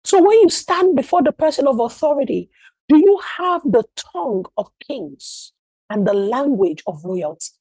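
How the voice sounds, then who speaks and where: Woman preaching a lively sermon. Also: high voice, moderate pace, no echo, low-quality recording. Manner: emphatic, asks rhetorical questions, acts out little scenes. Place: church.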